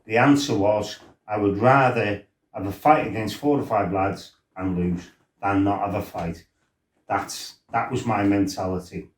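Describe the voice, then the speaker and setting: A man's voice: lowish voice, steady tone, a little slow, echoey room. Laughing man telling fight stories. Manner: laughing, swearing, acting out quotes. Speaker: former fighter telling his life story. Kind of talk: casual storytelling.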